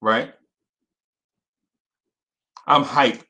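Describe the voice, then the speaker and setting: A young man hosting a casual fan livestream, repeating himself and shouting out viewers by name. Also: mid-range voice, fairly even intonation, extremely slow.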